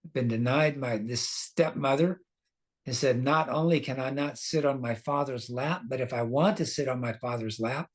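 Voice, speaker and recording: A man's voice: mid-range voice, moderate pace, close to an everyday voice. A man voicing an angry, determined five-year-old prince who feels insulted, told as a story in a scripture class. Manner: indignant, determined.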